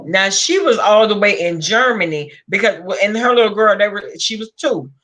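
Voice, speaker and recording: A woman's voice: medium pitch, lively intonation, normal speed, fairly bright tone. A woman with a Southern American accent in casual chat, stressing her points by repeating them. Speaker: vlog guest.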